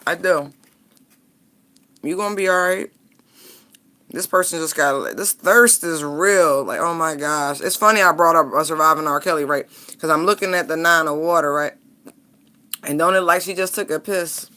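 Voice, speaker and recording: Blunt, bright-voiced woman tarot reader. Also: low-pitched, moderate pace. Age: adult parent. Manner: blunt and frank, laughing often. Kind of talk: casual tarot reading commentary.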